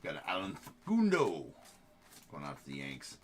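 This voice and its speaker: A man's voice: low voice, huge pitch swings, moderate pace, a little hiss or hum. A man hosting a live-streamed trading card break, giving running commentary on each card and chatting with viewers, with frequent filler words.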